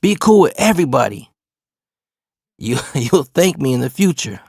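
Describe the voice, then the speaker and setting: A man putting on his old high school basketball coach, blunt and insistent, swearing at times while he lectures. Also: big pitch swings, moderate pace, gravelly, a little mellow, husky, no room sound, clean studio sound, heavily acted. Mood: earnest.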